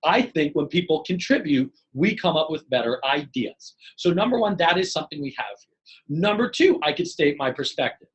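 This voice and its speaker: Energetic middle-aged male leadership trainer, slightly higher voice, lively webinar delivery that slips into acted dialogue. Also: moderate pace, low-quality recording. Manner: energetic, animated, acts out dialogue. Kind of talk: live webinar teaching.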